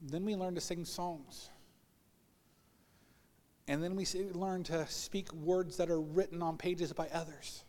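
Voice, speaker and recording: A man's voice: on the high side, fairly even intonation, measured pace, long pauses, darkish tone, in a large hall. A man preaching a sermon as pastor, telling personal stories and acting out the voices of people he quotes. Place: church sanctuary.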